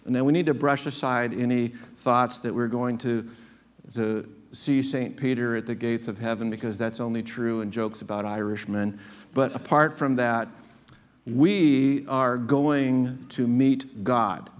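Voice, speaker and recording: Pastor, male, mid-range voice; unpolished and conversational, slows for emphasis. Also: mid-range voice, steady tone. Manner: conversational preaching with frequent restarts and fillers. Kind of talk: sermon.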